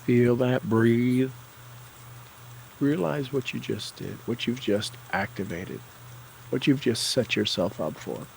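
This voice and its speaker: A man guiding a tapping session, speaking affirmations slowly and deliberately for the listener to repeat. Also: medium pitch, gravelly, a little hiss or hum, low-quality recording. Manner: slow, deliberate, coaching tone.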